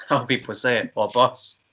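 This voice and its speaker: A man's voice: mid-range voice, brisk, sharp tone. A man with a mixed Scottish and Scouse accent co-hosting a podcast, making dry, laughing remarks. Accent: mix of Scottish and Scouse. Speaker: podcast co-host. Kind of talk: casual chat. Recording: dull lo-fi sound.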